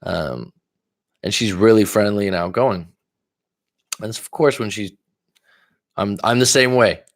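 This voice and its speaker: On a livestream, a man with a fairly low voice talks casually as a dating coach, answering viewer comments one after another. He tells stories candidly and bluntly, swearing now and then. The sound is dry and close, with no room echo. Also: measured pace. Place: lives in Thailand.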